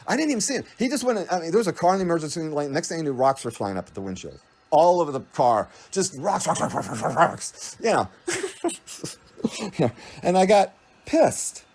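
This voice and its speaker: Rambling man with a lively pitch. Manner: meandering, laughs often, trails off and restarts. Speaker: spiritual speaker. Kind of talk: rambling spiritual monologue.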